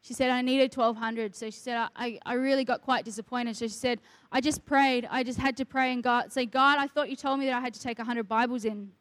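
A woman's voice: fairly high pitch, fairly even intonation, brisk, hardly any pauses, fairly bright tone, dry recording. A middle-aged woman, a ministry worker, telling a faith testimony in earnest conversation and quoting the people she talks about. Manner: earnest storytelling, quotes others.

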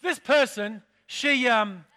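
A man preaching a sermon, emphatic and fond of repeating his phrases. His voice sits high and rings bright and forceful as he calls out to his congregation. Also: slow. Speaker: pastor.

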